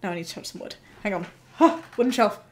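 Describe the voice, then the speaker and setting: A woman telling a personal story in a chatty, animated vlog, often breaking into laughter. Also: medium pitch, fast talker, a little hiss or hum. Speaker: YouTube storyteller.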